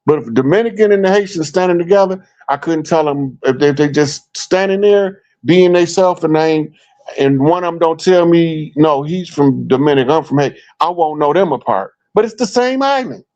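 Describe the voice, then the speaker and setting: A middle-aged man from Chicago, telling stories in a relaxed, animated way as a guest speaker. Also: on the high side, moderate pace, muffled recording. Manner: animated storyteller, acts out quoted remarks. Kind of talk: casual storytelling talk.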